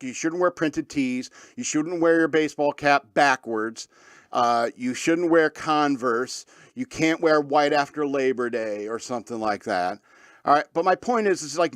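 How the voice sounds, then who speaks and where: A man's voice: on the high side, fairly bright tone, no echo, studio quality. A man hosting a talk radio show, rambling in a casual monologue with lots of fillers and frequent laughs.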